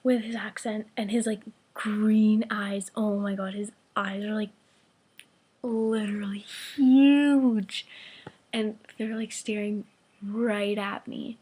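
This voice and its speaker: A teenage girl tells a story to her camera, her voice breathy and a little husky. She gushes and swears, slipping into hushed whispers between her excited rushes of words. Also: mid-range voice. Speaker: vlogger.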